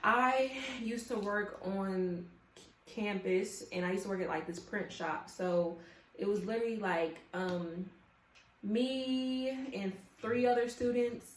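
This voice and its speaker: A young woman telling a storytime vlog in a casual, animated, profane way, talking straight to her viewers. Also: medium pitch, slow pace, slight background noise. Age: young adult. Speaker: vlogger. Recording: echoey room with faint ambience.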